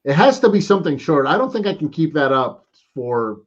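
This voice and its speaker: A man's voice: fairly high pitch, sing-song, brisk. Chatty American man on muffled stream audio. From United States. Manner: chatty, rambling, says "man" often. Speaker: co-host. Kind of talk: casual live chat.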